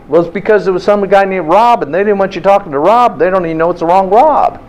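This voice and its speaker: A high-voiced man talks fast, barely pausing, as he hosts a motivational health talk. He's a lively storyteller who fires rhetorical questions at his audience, captured in a rough recording.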